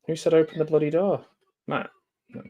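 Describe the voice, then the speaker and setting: A man's voice: fairly high pitch, moderate pace, muffled recording. Chatty man doing live reaction commentary. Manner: chatty, jokey, excitable reactions with laughs. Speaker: commentary host.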